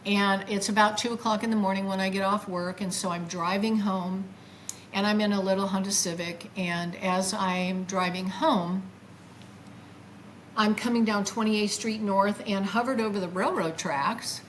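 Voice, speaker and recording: A woman in her seventies telling a personal testimony, animated and acting out her own past exclamations. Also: mid-range voice, normal speed, slight background noise. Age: 70s. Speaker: near-death experience witness.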